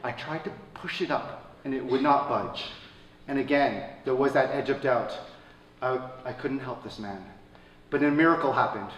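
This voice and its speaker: A man telling a personal story at a live show, swinging between loud excited bursts and quiet somber lines. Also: mid-range voice, moderate pace, muffled recording. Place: stage at a live radio show. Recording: echoey stage from a distance, faint room noise.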